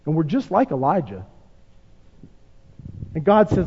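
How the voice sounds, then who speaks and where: Animated high-voiced preacher in a hall. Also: male voice, normal speed, long pauses. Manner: dramatic, acts out quotes, rhetorical questions to the congregation. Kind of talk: sermon. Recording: muffled sound with long hall reverb.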